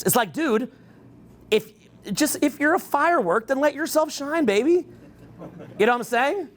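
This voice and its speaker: A man in his forties giving a crude, joking talk on stage to a live audience, rambling fast and breaking into mock voices and shouts. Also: very high voice, expressive. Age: 40s. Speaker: dating coach speaking to a live audience. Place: event hall with an audience.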